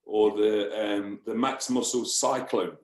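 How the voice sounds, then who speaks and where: A man's voice: lowish voice, fairly even intonation, slow, noisy background. A man, a guest on a podcast, talking casually, swearing and laughing often. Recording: roomy echo.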